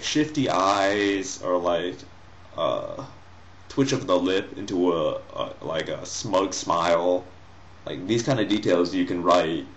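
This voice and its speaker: Brief: sarcastic man, low voice, reading and mocking a story, roomy lo-fi mic. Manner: sarcastic, critical, fillers like "like". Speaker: host reading a story aloud.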